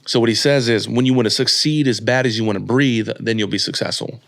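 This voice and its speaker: A man in his late thirties, a podcast guest telling his story in a casual, slangy, animated way and acting out the people he quotes. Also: mid-range voice, quick pace, vocal fry. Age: 30s.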